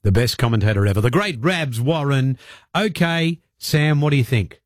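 Australian man, radio host, upbeat casual banter, dry studio sound, middle pitch. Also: no echo. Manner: brisk, upbeat presenting.

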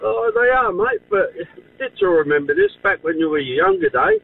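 A gravelly Australian man calls in to a radio show, his voice high and swinging widely in pitch. He sounds far from the phone, and the line is thin and tinny. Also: sing-song, moderate pace. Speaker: caller. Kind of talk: phone-in chat.

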